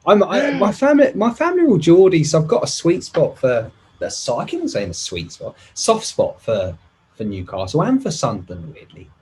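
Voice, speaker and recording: A man in his thirties co-hosts a laid-back podcast, joking and rambling as he goes. His voice is very husky, and his pitch swings up and down in a lively way. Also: fairly quick, poor audio. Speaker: podcast co-host. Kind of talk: casual podcast chat.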